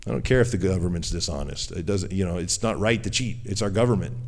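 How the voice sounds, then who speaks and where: A male pastor delivers a conversational sermon, voicing what people say and sinking into a low, quiet tone for emphasis. He talks fast, with a little background noise.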